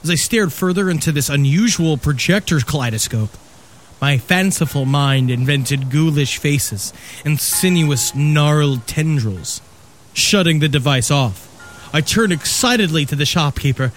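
A man's voice: on the high side, measured pace, slight background noise. A man hosting a comedy podcast, reading a horror story aloud with joking asides.

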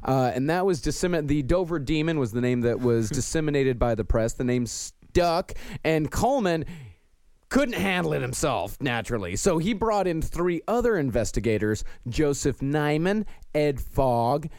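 A man narrates cryptid accounts for a casual podcast, his pitch lively and a bit high for a man. The sound is dry and close. He reads out dates and descriptions in an even storytelling way. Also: moderate pace, no echo. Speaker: podcast co-host. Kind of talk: casual podcast chat, reading cryptid lore.

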